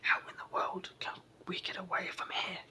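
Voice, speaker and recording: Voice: normal speed, close to an everyday voice. A storyteller with a sore throat and cold voicing a small, worried male brownie in whispered role-play.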